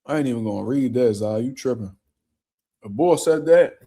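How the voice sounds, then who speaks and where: A man's voice: medium pitch, lively intonation, normal speed, warm tone. A young man hosting a casual livestream, reading viewer comments and chatting in a loose, profane way with frequent laughter. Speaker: boxing livestream host. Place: home room.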